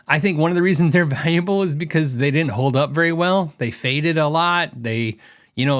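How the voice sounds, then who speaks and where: A middle-aged man hosting a podcast, giving his opinions in a rambling, casual way and thinking aloud with fillers. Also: a little high. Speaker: podcast host.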